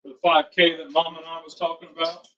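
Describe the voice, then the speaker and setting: A middle-aged home cook hosts a casual livestream, rambling and chatting with viewers and family. His voice is a little high, bright and forceful, with a flat delivery at a fairly quick pace, picked up by a dull, distant mic.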